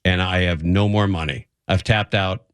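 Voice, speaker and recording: A man's voice: low voice, fairly even intonation, moderate pace, clear, resonant tone, dry recording, clean studio sound. A man hosting a radio show, telling a rambling, self-mocking story in casual chat and laughing often.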